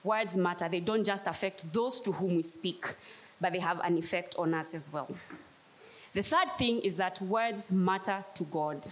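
A woman's voice: on the low side, moderate pace. A woman preaching a sermon, telling a personal story in an emphatic way and repeating key phrases.

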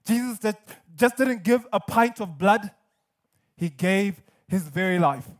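A man's voice: high voice, animated, unhurried. A man pastor preaching a sermon in an earnest, emphatic way, with repetition and light humor.

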